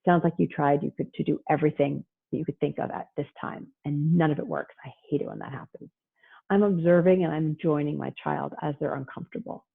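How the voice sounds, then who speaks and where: A woman presenting on parenting in a casual talk over a video call, chatty and acting out parents and kids in quick asides. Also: low voice, steady tone, gravelly, breathy edge. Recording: tinny phone-like line.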